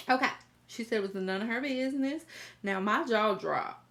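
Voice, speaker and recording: A woman's voice: a little high, a bit bright. Woman, vlog host, reads email aloud, blunt, profane, chatty, talks to viewers.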